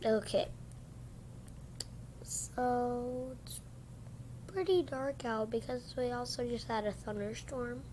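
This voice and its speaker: A woman's voice: on the high side, slow pace, pauses often, mellow, slight background noise. A young woman chatting casually in a vlog, sleepy and giggly after just waking up. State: just woken up. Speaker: vlogger.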